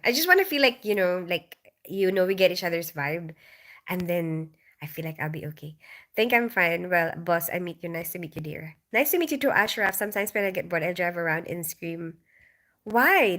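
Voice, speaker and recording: Friendly woman in her thirties chatting on a livestream. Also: mid-range voice. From Philippines. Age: 30s. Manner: friendly, greets viewers by name, soft laughs. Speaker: livestream host. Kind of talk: casual livestream chat reading comments.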